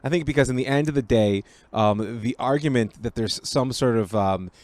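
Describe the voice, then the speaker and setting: Rabbi dude talking on a podcast, middle pitch, thinks things through, dry sound. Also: male voice, a little mellow, no room sound. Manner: measured, analytical. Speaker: rabbi co-host. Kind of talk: casual podcast conversation.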